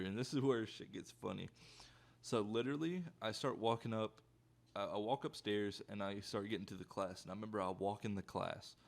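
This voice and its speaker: Gravelly young guy telling a story. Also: fairly low pitch, a little fast. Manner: profane, rambling, animated storytelling. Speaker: YouTuber. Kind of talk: casual storytime.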